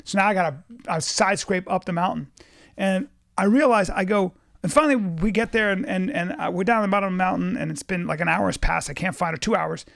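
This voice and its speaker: A man in his forties, chatting casually and telling animated, profane stories, acting out quotes. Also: sits high, brisk, vocal fry. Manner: animated, swears a lot, acts out quotes. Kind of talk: casual chat, storytelling.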